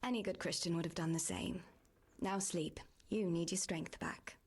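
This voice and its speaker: An actress voicing a young village woman in a video game, caring and practical, with a gentle, often hushed way of speaking. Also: lowish voice, steady tone, moderate pace, natural voice. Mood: soothing. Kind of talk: game voice acting.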